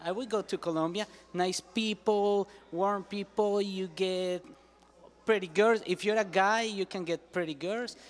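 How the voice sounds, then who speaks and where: High-voiced rambling male interviewee. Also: steady tone, a little slow. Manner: rambling, hesitant. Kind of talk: casual street interview.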